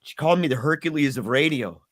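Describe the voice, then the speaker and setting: A middle-aged man telling a painful personal story as a podcast guest, earnest and halting, often repeating words as he goes. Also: a little high, animated.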